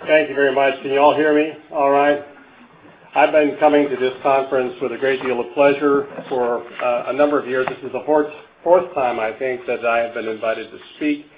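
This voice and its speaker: A man's voice: medium pitch, steady tone, brisk, slight background noise. An older man from Canada giving a conference lecture, a wry storyteller who chuckles at his own jokes and stumbles over restarts. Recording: phone-like narrow band.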